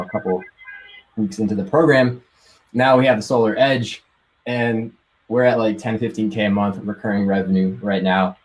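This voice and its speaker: Low-voiced excited young man. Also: rough recording. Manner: excited, casual, swears and laughs often. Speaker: guest sharing success story. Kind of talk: casual storytelling on a live call.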